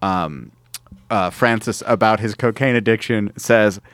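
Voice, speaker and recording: A man's voice: on the low side, a little slow, a bit bright, clean tone, no room sound, clean studio sound. A man co-hosting a casual podcast, rambling with lots of fillers and restarts. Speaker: podcast co-host. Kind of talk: casual chat.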